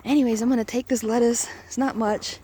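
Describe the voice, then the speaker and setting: A woman's voice: a little high, steady tone, a little fast, warm tone, a little hiss or hum. A woman vlogging outdoors among geese, chatting casually and coaxing a goose in a playful sing-song voice. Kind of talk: casual vlog narration.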